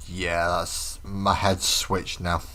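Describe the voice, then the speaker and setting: A man's voice: sits low, flat delivery, slow pace, bright, forceful tone. A man chatting casually and self-mockingly to viewers while painting miniatures at home on a live stream. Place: home room indoors.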